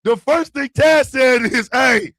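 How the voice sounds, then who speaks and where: A man hosting a radio talk show, giving comedic advice in a loud, profane voice and often shouting. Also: very high-pitched, animated, normal speed, no echo, studio quality.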